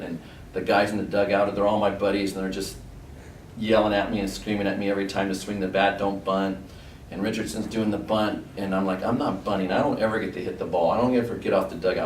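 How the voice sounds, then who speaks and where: With a lowish voice, a middle-aged former athlete casually recounts his school baseball days, rambling in a relaxed way with fillers and plenty of quoted back-and-forth. A distant mic picks up a roomy sound and faint background noise.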